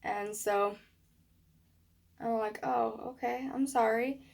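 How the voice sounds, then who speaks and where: A woman telling a personal story in a vlog, animated, acting out what people said. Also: on the high side, slow, creaky. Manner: animated storytelling with acted quotes. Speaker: vlogger.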